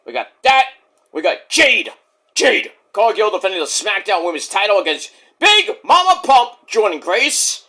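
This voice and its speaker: High, lively man ranting about wrestling. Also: a little slow. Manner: profane, jokey, rambling. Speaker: wrestling show reviewer. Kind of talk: casual rambling review.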